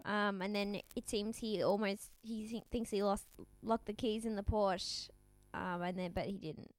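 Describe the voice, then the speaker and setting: A young woman co-hosting a podcast, making wry, deadpan jokes as she recaps a show. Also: medium pitch, moderate pace, no room sound. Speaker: podcast co-host. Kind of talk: casual chat recapping a reality show.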